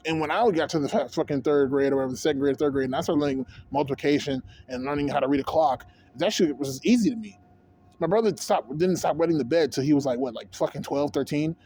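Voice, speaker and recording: A man's voice: on the high side, fast talker, warm tone. Profane rambling man ranting. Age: 30s. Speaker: vlogger. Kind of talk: casual rant to camera.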